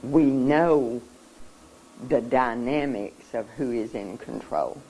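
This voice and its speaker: Slow, halting, earnest seminar speaker. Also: mid-range voice, dark tone, poor audio. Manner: halting, with many pauses and repeated words; earnest and emotional. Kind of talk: emotional seminar testimony.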